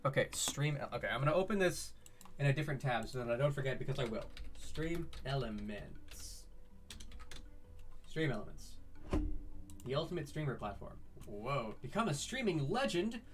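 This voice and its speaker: A man streaming live, chatting casually with his viewers in an excitable way, laughing often and firing off questions. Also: medium pitch, quick pace, faint music behind.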